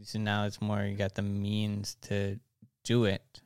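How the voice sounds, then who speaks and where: A man co-hosting a casual podcast, dropping in short, quiet remarks. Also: on the low side, monotone, unhurried, smooth, no room sound, studio quality. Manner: quiet, brief interjections. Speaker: podcast co-host.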